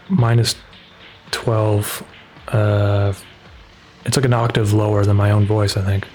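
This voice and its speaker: Relaxed man chatting while he draws. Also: mid-range voice. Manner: rambling, relaxed, heavy use of "like". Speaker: artist streaming his work. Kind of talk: casual livestream commentary while drawing. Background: faint background music.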